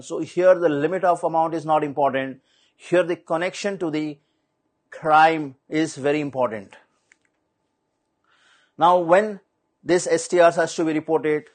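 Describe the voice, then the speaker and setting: A man giving a slide-based lecture on banking compliance, measured and explanatory, repeating his key points. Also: fairly high pitch.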